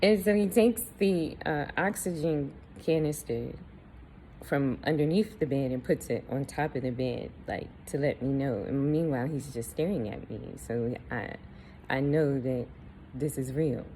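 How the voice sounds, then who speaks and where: A woman's voice: rumbling low, measured pace, dark tone, a little hiss or hum, low-quality recording. A woman candidly telling a personal story to camera, blunt and swearing freely, with laughs between lines. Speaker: vlogger.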